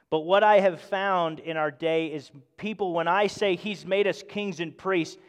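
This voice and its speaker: Male preacher, slightly high voice, impassioned and dynamic, echoing hall sound. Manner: passionate, swings from loud to hushed. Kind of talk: sermon. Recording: long hall reverb.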